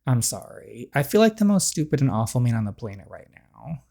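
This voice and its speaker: A reader voicing a gentle, apologetic young man. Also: medium pitch, sing-song, fairly quick, creaky. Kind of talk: reading a story game aloud.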